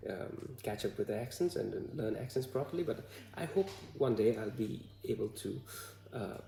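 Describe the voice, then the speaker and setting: A man from Bhutan with a Bhutanese accent, talking to the camera in a hesitant, halting way full of fillers. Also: medium pitch, expressive, gravelly, dark tone, reverberant. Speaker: vlogger. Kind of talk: casual talk to camera.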